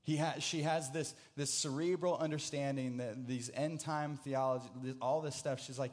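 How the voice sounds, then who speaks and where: A man preaching a sermon, earnest, often repeating words, moving between hushed reflection and loud, emphatic proclamation. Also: mid-range voice, steady tone, normal speed, few pauses. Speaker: pastor.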